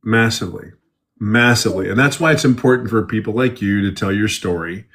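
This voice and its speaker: Middle-aged guy rambling thru stories, repeats himself a lot, kinda low voice. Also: brisk, fairly bright tone. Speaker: guest. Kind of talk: casual live interview.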